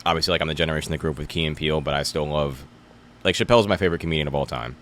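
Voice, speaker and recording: A man's voice: extremely low pitch, racing, a little hiss or hum. A man in his twenties from New Jersey, a guest comedian on a podcast, chatting casually and acting out quotes in his stories. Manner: relaxed, animated storyteller who acts out quotes.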